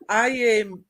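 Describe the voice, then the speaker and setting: A middle-aged woman, a guest in casual conversation, telling stories in an animated way and acting out what others said. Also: a little high. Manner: animated storyteller, acts out quoted dialogue, laughs often. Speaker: guest, former city mayor. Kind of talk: casual chat.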